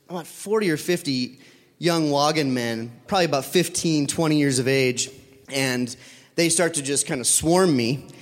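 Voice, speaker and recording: A man telling a personal story to an audience, rambling and correcting himself with many fillers. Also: fairly high pitch. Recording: long reverb of a hall.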